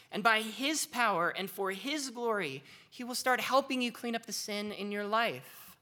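A woman giving a devotional Bible teaching in an animated, conversational and earnest way. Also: mid-range voice.

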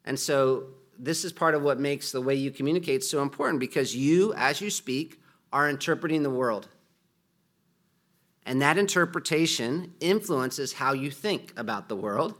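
A man's voice: medium pitch, expressive, moderate pace, a bit bright. Conversational middle-aged male pastor teaching. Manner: conversational, with frequent restarts and acted-out quotes. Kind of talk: sermon-style teaching.

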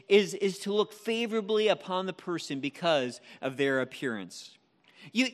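High-voiced male pastor preaching conversationally. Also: fairly bright tone. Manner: conversational, repeats words while thinking, acts out quoted voices. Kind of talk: sermon.

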